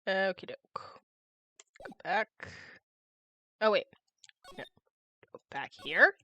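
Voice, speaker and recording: A woman's voice: medium pitch, very animated, slow, bright, forceful tone, dry recording, highs cut off. A young woman chatting casually while streaming a game, giggling and reading game text aloud. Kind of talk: casual chat while gaming.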